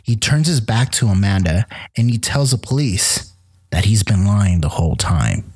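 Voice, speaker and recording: A man telling a true crime story on a casual podcast, animated and acting out the quotes. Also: on the low side, normal speed, husky. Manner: animated retelling with acted quotes and casual swearing.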